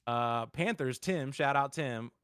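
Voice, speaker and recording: A man's voice: medium pitch, takes it slowly, a bit bright, clear, resonant tone, dry recording, studio quality. A man giving a casual post-game interview over voice chat, rambling and upbeat with lots of fillers.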